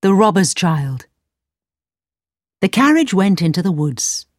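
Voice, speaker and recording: Slow, low-voiced woman narrating a storybook. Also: sing-song. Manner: slow, clear, simple.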